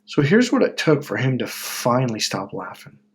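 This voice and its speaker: A middle-aged man with a husky, slightly breathy voice and an ordinary pitch, talking casually to his audience. He is blunt and profane, and he jumps into louder, higher mocking voices whenever he quotes other people. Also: huge pitch swings, moderate pace. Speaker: self-help video host. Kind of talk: casual monologue to camera.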